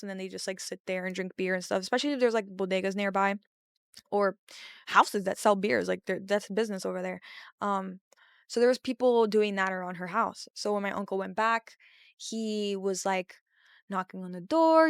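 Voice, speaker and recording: A young woman hosting a podcast, casually telling a story and acting out the people in it with lively swearing. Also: mid-range voice, smooth, dry recording, clean studio sound. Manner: animated, acts out quotes, swears casually. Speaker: podcast host.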